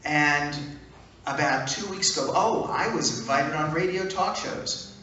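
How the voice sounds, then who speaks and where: A man speaking at a fan event, telling an animated, punchy anecdote to a crowd. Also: on the high side, measured pace, dull audio. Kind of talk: storytelling talk. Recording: echoey hall from far off.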